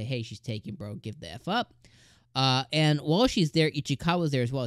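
A man hosting a casual anime episode review, talking in an excited, rambling way with plenty of fillers. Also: mid-range voice, dry recording, clean studio sound.

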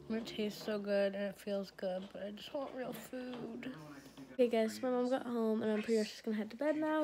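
A young woman vlogging casually, whiny and complaining, talking with a sore mouth from new braces. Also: fairly high pitch. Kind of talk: casual vlog talk to camera.

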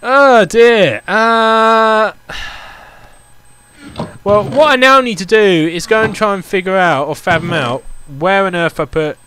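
A man's voice: high-pitched, slow, pushed and bright, slight background noise. A young man commentating his Minecraft game, ranting in an exasperated, repetitive way. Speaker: gaming YouTuber. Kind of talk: Minecraft let's play commentary.

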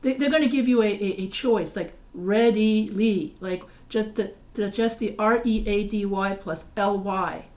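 A woman's voice: mid-range voice, unhurried, hardly any pauses, a little mellow. A woman teaching writing, explaining spelling rules patiently, often restarting and spelling words out letter by letter. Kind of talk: recorded lecture over slides.

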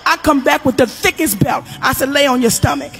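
A woman's voice: high-pitched, expressive, fairly quick, soft background music. Brash, profane woman doing stand-up. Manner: loud, brash, profane storytelling with acted-out quotes. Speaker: stand-up comedian. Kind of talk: stand-up storytelling.

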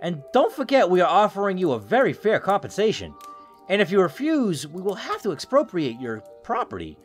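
A man's voice: high-pitched, wildly swooping pitch, a little fast, faint music behind, voice pushed up. A man voicing an eager, politely persuasive young debt collector with an overly formal manner, reading game dialogue. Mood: courteous.

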